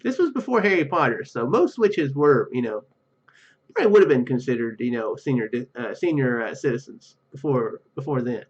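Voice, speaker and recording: A man's voice: mid-range voice, expressive, moderate pace, pauses often, slightly rough, lo-fi sound. A man hosting a let's play, reading game text aloud and joking about himself as he goes. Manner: joking and self-deprecating, laughs at own jokes.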